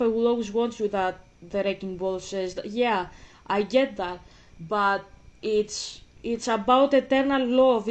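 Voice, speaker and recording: A woman vlogging in a casual way, reading passages aloud, then breaking off to question and argue, hesitant and searching. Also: a little high. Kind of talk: casual vlog commentary.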